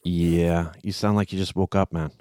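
Chatty deep-voiced male host. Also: fairly even intonation, moderate pace, mellow, no room sound, clean studio sound. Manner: chatty, prodding, restarts often. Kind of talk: casual online show chat.

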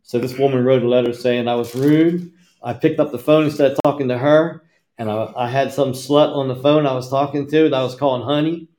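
A man's voice: mid-range voice, fairly even intonation, a little fast, dark tone. A man telling plainspoken stories from his working years in casual podcast chat. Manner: plainspoken, tells stories with quoted dialogue. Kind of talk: casual storytelling. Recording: roomy echo.

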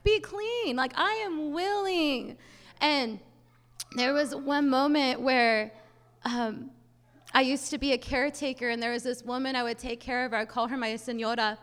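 A woman's voice: a little high, fairly even intonation, normal speed, fairly bright tone, smooth. A young woman sharing a personal testimony in a sermon, talking casually with lots of filler words. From Hispanic family, US. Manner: casual storytelling, many "like" fillers. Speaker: church speaker. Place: church sanctuary. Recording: long hall reverb.

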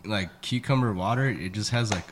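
A man's voice: on the low side, normal speed, slight background noise. A man in casual podcast chat, bantering with lots of swearing and laughter.

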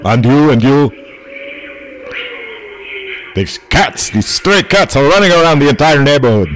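A man's voice: big pitch swings, measured pace, a bit bright, slight background noise. A man putting on the voice of a theatrical vampire count to open a podcast. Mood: hammy spooky. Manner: hammy, booming spooky welcome. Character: theatrical male vampire count, spooky host.

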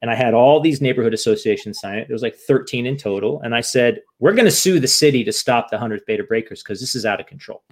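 A man's voice: mid-range voice, fast, few pauses. A man casually telling a long story, acting out what others said, with many "right?" tags. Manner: animated, acts out quoted voices; fillers and tag questions.

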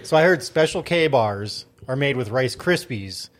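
A man's voice: mid-range voice, lively intonation, unhurried. A man chiming in as co-host in a radio studio with a curious question. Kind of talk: casual studio interview.

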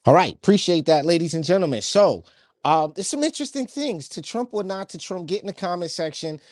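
A man co-hosting a casual political podcast, talking with energy in quick bursts and frequent restarts. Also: high-pitched, animated, darkish tone, no room sound, clean studio sound. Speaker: podcast co-host.

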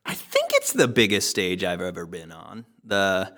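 A man's voice: sits low, wildly swooping pitch, unhurried, sharp tone. A man co-hosting a church podcast, telling a self-deprecating story in casual chat and laughing often.

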